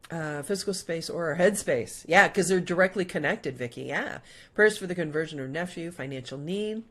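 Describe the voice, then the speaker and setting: Low-voiced middle-aged woman hosting a livestream. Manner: reads out viewer comments and prayer requests, chatty with many fillers. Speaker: host. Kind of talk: casual livestream chat.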